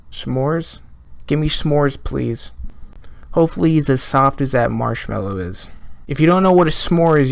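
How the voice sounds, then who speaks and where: A football fan vlogger casually builds up to an upcoming match, his medium-pitched voice recorded with no echo. He rambles, cracks jokes and puts questions to his audience.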